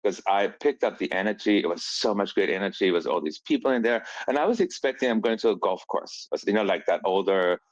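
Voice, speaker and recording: A man's voice: fairly low pitch, animated, brisk, hardly any pauses, dry recording. Man on a dull call line. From Austria. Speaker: guest, clothing brand founder. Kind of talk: casual storytelling.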